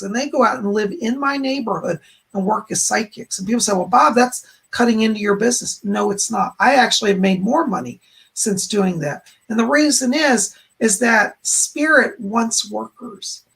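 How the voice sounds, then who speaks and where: A psychic medium hosting a live stream gives readings to viewers who donate, relaying spirit messages in rambling fashion. His high-pitched voice is animated and a bit bright at a moderate pace, though it's going hoarse.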